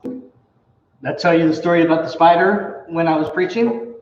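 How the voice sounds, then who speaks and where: Pastor guy chatting and telling jokes, kinda high voice, dull boomy sound from far off. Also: steady tone, moderate pace, a little mellow, soft background music. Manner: chatty storyteller, laughs at his own jokes. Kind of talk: casual chat and joke telling. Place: church hall. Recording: echoey hall, far from mic, dull.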